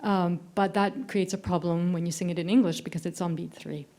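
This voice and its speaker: Woman, audience member, clear explanatory question, warm tone. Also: fairly low pitch, steady tone, fairly quick. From Canada. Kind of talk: asking a question.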